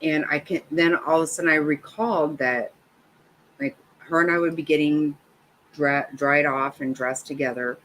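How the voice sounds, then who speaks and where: Laughing, animated woman telling stories. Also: sits low, moderate pace, slight background noise, low-quality recording. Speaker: livestream host. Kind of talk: casual chat.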